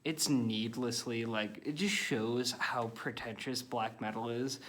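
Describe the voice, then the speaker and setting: A man's voice: medium pitch, fairly even intonation, measured pace, fairly bright tone. A man running through a long list of films in a casual vlog, giving blunt, rambling opinions full of fillers. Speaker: film reviewer.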